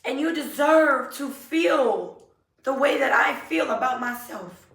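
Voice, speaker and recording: A woman giving an earnest, emotional motivational talk, repeating affirmations slowly. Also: high-pitched, lively intonation, a bit bright. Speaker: self-help vlogger. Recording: roomy echo, a bit far from mic.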